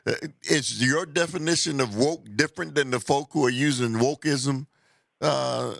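A man's voice: medium pitch, normal speed, gravelly, fairly bright tone, no room sound, studio quality. A man hosting a radio interview, asking questions and telling his own stories with stammering restarts. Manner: stammering restarts, laughs easily. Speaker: radio host.

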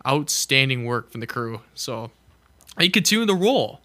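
A man's voice: mid-range voice, big pitch swings, moderate pace, bright, forceful tone, no echo. A man hosting a local radio show, giving a casual sports recap, joking at himself and laughing. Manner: chatty, jokes at himself and laughs. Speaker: radio host. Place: small radio studio.

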